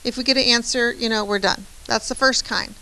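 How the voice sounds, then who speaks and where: Bright-voiced woman teaching math. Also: on the high side, steady tone, a little fast, low-quality recording. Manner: chatty, encouraging, often asks "right?". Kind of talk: classroom lecture.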